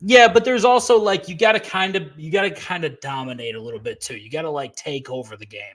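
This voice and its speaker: A young man co-hosting a sports betting show, relaxed and swearing in casual chat. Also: fairly high pitch, fast. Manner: laid-back, swearing, laughs easily. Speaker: sports betting podcast co-host.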